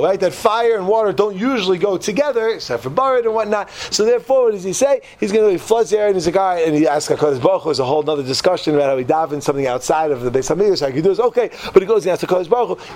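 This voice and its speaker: A man in his thirties teaching a class, telling the story with animated, slangy energy. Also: a little high. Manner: animated, slangy, acts out voices. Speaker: Torah teacher.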